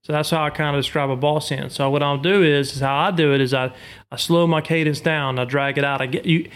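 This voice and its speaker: A man with a slightly higher voice explains duck calling in relaxed, conversational detail. He talks patiently, walking through each step with homely examples. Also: fairly quick. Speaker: duck call instructor. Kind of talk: casual instructional chat.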